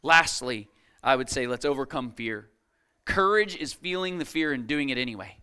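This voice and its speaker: A man's voice: medium pitch, lively intonation, moderate pace, pushed and bright, smooth. A man preaching a sermon as a guest speaker, emphatic, repeating key phrases and calling out to the congregation, reading scripture aloud with rising intensity. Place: church service.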